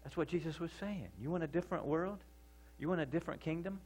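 A man preaching a sermon in a conversational way, often checking in with his listeners and getting louder and higher for emphasis. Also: fast talker. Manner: rises in pitch and volume for emphasis. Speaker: pastor.

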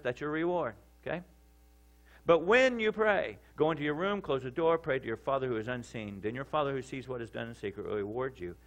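Man preaching, conversational, checks in with listeners, swells louder for emphasis. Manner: conversational, checks in with the audience often; rises in pitch and volume for emphasis. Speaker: pastor. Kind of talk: sermon.

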